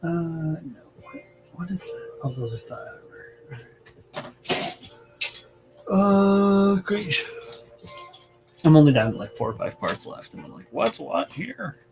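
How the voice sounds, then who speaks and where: A man's voice: a little high, animated, takes it slowly, pauses often, music in the background, low-quality recording. Dry, sarcastic man, casual chat. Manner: dry, sarcastic, mutters while working. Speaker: livestream host building models.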